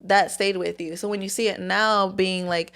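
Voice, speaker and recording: Young woman co-host, casual candid chat, swears freely, middle-pitched voice. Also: steady tone, normal speed, fairly bright tone. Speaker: podcast co-host.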